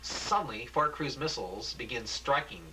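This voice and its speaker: A man narrating a homemade script, reading haltingly with restarts. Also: mid-range voice, expressive, pushed and bright, slight background noise, rough recording.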